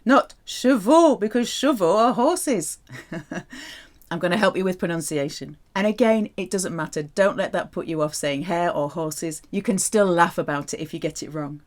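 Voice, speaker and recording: A woman giving a language lesson in a playful, animated teaching manner. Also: normal speed. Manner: playful, animated teaching with wide pitch swings. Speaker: French teacher.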